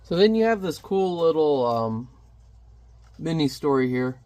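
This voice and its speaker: A man walks through a comic in a relaxed, chatty review, dropping jokes between panels. His voice sits a bit high for a man. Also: unhurried. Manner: chatty, jokey asides.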